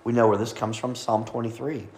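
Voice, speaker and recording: A man's voice: medium pitch, little pitch movement, fairly quick, a little mellow. A man preaching a sermon, explaining scripture and the names of God with light asides to his listeners. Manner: teaching, reading scripture aloud, light asides.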